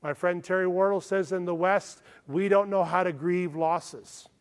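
A man with a high voice preaches a sermon as a pastor, earnest and often asking his listeners to follow along. His words ring out in a large hall with a long reverb tail. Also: fairly even intonation, measured pace.

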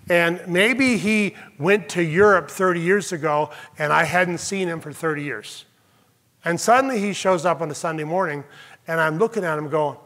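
A man's voice: high voice, sharp tone. A man preaching a sermon as pastor to his congregation, emphatic and stressing each phrase. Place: church sanctuary with congregation.

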